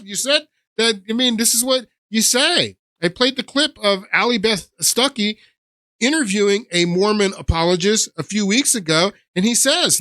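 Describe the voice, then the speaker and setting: A man's voice: high-pitched, bright, forceful tone, no room sound, clean studio sound. A man hosting his own podcast, giving emphatic, repetitive opinion commentary with many restarts. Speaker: podcast host.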